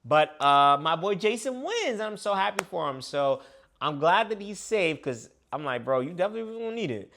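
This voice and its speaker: A man's voice: high-pitched, sing-song, fairly quick, fairly bright tone. A young man casually reviewing a reality show episode for his video channel, chatty and full of slang. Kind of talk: casual reaction chat.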